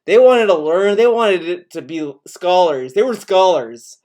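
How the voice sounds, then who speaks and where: A man's voice: high voice, lively intonation, a little slow, a little mellow. A man from Greece, a streamer giving sarcastic, profane reaction commentary, often laughing.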